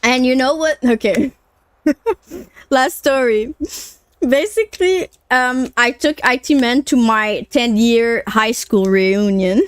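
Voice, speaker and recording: A woman in her late twenties talks to her live chat in a slow, slightly high voice. She is blunt and foul-mouthed, and her speech is full of casual fillers. The sound is dry and close, with no room echo. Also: clear, resonant tone. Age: late 20s. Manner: blunt and profane, with frequent fillers. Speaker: streamer.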